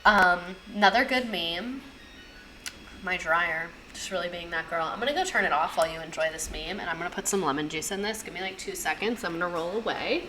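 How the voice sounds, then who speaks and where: A woman's voice: lowish voice, a little fast, bright, forceful tone, slight background noise. A young woman teacher giving a casual history lesson, chatty and sarcastic, swearing and drifting into tangents.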